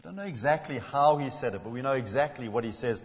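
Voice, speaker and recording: A man preaching a sermon as a visiting speaker, shifting between emphatic points and hushed, slowed quotations. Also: medium pitch, lively intonation. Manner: dramatic, drops to a hush when quoting. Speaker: guest preacher. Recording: dull sound with long hall reverb.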